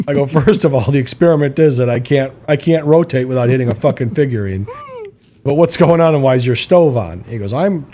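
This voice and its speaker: A man's voice: medium pitch, brisk, mellow, slight background noise. A man, co-hosting a podcast and telling a rambling story with a lot of laughing. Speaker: podcast co-host. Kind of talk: casual chat.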